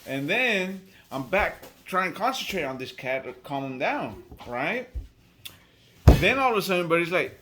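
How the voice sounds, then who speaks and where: A man casually telling a wild story, profane and animated, acting out the people he quotes. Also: high voice, moderate pace, a little hiss or hum.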